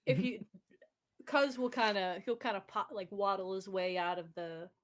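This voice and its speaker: Woman, game master, casual tabletop narration, laughs often, mid pitch. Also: moderate pace. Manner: laughing, rambling narration with fillers.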